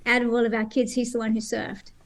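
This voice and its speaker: A woman's voice: a little high, flat delivery, fast talker, slight background noise. A middle-aged Australian woman talking candidly as an interview guest, laughing now and then. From Sydney, Australia. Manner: candid, laughs while recounting. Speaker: guest, para-surfer. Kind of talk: casual interview conversation.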